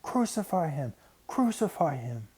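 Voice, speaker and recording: A man voicing an angry crowd in a Bible story, shouting high and strained. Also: big pitch swings, a little slow, breathy edge, full character voice. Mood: furious.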